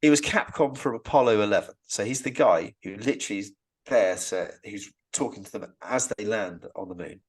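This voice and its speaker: A man's voice: on the low side, fairly quick. A man, a guest on a podcast, telling stories in an enthusiastic, rambling way and often restarting his sentences. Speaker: Stonehenge guide and podcast guest. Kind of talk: casual storytelling interview.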